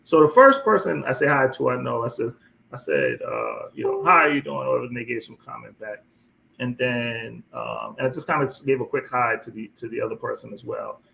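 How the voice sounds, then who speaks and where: A man's voice: mid-range voice, moderate pace, gravelly, a little hiss or hum, poor audio. Rambling man telling a story on a live chat. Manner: rambling, repeats words, animated when quoting. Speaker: host.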